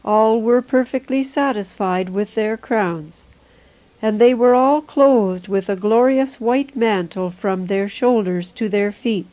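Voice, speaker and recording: A woman reading a religious vision text aloud in a slow, solemn, even way. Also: medium pitch, muffled recording. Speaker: reader.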